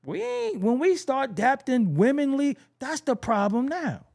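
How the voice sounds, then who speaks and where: A man's voice: very high-pitched, big pitch swings, measured pace, vocal fry, a little mellow. A middle-aged man hosting his own show, ranting bluntly and profanely in a streetwise way and mimicking other people's phrases to mock them. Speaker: show host. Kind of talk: casual commentary rant.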